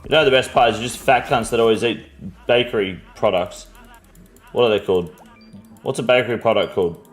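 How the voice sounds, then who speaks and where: A man's voice: on the low side, a little fast, pauses often, faint music behind. An Australian man live-streaming a game, chatting bluntly and answering viewers' questions, swearing freely. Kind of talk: casual live-stream chat.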